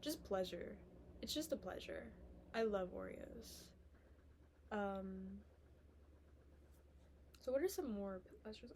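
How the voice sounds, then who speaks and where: A young woman musing aloud in a casual, rambling vlog monologue, sometimes sliding into soft whispers. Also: medium pitch, expressive, takes it slowly, pauses often, slight background noise. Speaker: vlogger. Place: indoors, sitting on the floor.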